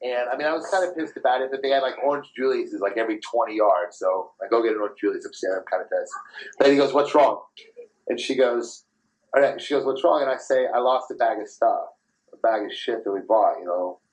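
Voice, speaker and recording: A man in his thirties hosting a podcast, telling profane, animated anecdotes in casual chat and laughing as he goes. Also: medium pitch, quick pace, rough recording. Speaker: podcast host.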